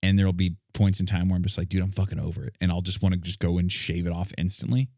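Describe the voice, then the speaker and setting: A man's voice: low-pitched, steady tone, fast talker, gravelly, a little mellow, dry recording, clean studio sound. A man co-hosting a casual podcast, reading listener questions in an easygoing way and laughing often.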